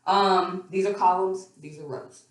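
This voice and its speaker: A hoarse woman teacher giving a recorded math lesson, explaining patiently step by step with frequent ums. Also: lowish voice, fairly even intonation, a little slow. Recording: echoey room, far from mic.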